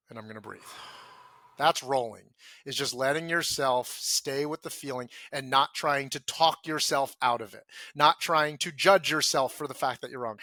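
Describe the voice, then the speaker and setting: A man speaking as a podcast guest in earnest conversation, acting out his own inner self-talk and dropping soft and low when he voices quoted feelings. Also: no echo.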